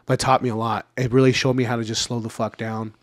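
A man's voice: medium pitch, level tone, quick pace, no echo, clean studio sound. A man in his thirties talking candidly on a podcast, laid-back, with lots of fillers and the odd curse word. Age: 30s. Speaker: podcast regular. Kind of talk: casual podcast chat.

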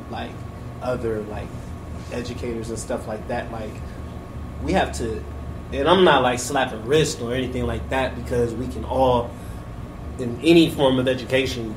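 A man's voice: mid-range voice, fairly even intonation, moderate pace. Laid-back man in an echoey room. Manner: laid-back, talks with many fillers. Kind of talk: casual chat. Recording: echoey room with clear background noise.

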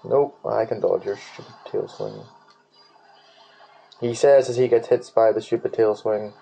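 Man, casual let's play commentary, rambling, swears a lot, hums nonsense tunes, dark mellow voice. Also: lowish voice, fairly even intonation, measured pace, gravelly, slight background noise, low-quality recording.

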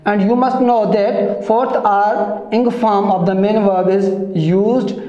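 Male teacher, high voice, unhurried step-by-step grammar explanation. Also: fairly even intonation, mellow, reverberant, muffled recording. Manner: slow, step-by-step explaining, repeats words for emphasis. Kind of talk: classroom grammar lesson.

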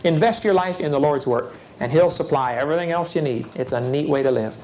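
A middle-aged man preaching a lively seminar talk to young people, folksy and energetic in his storytelling. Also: a little high, fairly quick, a little hiss or hum. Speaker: evangelist speaker.

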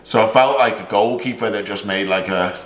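A man's voice: on the low side, a little fast, a bit bright. A man hosting a casual golf chat, talking chattily, laughing often and acting out what people said. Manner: chatty, laughs often, acts out quoted remarks. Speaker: vlog host and caddie. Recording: roomy echo, faint background.

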